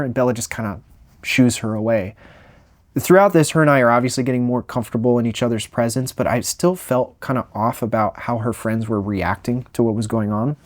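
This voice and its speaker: This is comedic storytime narration from a young man whose mid-pitched voice sounds close-miked and completely dry. He's lively and animated, often poking fun at himself as the story unfolds.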